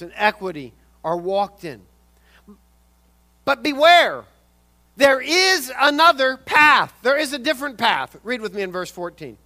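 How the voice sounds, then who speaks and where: A man preaching a sermon, swinging from loud urgent emphasis to quiet intensity and often repeating words. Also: high-pitched. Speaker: pastor.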